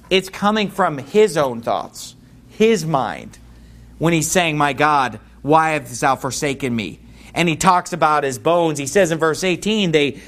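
High-voiced man preaching a sermon. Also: fairly bright tone. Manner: reads scripture aloud, then preaches with rising intensity. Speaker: pastor.

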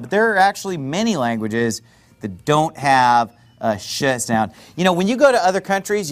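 A man preaching a sermon in a conversational, digressive way with quick rhetorical asides. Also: a little high.

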